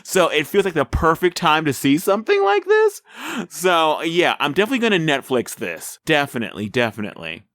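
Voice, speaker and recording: A man's voice: a little high, wildly swooping pitch, brisk, fairly bright tone, no echo, studio quality. A man co-hosting a podcast, chatting casually about a movie trailer and rambling with many fillers and restarts. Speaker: podcast co-host. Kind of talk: casual chat reviewing a trailer.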